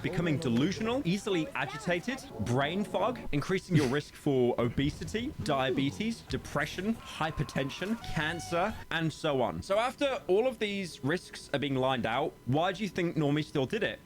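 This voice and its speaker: A man giving scripted YouTube video commentary, sarcastic and jokey, with quick asides. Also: on the high side, big pitch swings, over music.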